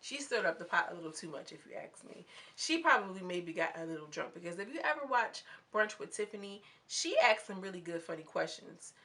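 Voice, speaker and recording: A woman's voice: lowish voice, big pitch swings, a little fast, sharp tone. A young adult woman vlogging a casual, gossipy recap of a reality show, chatty and full of slang as she talks straight to her viewers.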